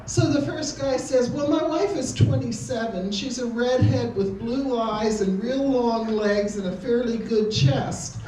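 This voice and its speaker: An older woman, an amateur stand-up comic, tells jokes in a relaxed, anecdotal style to an audience in a community hall. Her fairly high voice is unhurried with barely any pauses and has a dark tone. A distant room mic picks up the echoey hall along with a little hiss or hum.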